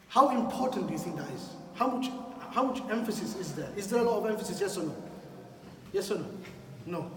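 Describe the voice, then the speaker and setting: A man's voice: high-pitched, lively intonation, brisk, fairly bright tone, a little hiss or hum. A man giving a sermon as imam in a mosque, emphatic, repeating key phrases and putting questions to the audience. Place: mosque hall. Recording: echoey hall, from far off.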